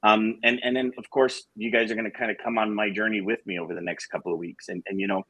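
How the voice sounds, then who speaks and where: A man's voice: fairly low pitch, level tone, fast talker, fairly bright tone, husky, no echo, highs cut off. A man co-hosting a live show, talking to listeners frankly and with emotion, with blunt swearing and jokes. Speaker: co-host of a live sales morning show. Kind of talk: candid casual talk to listeners.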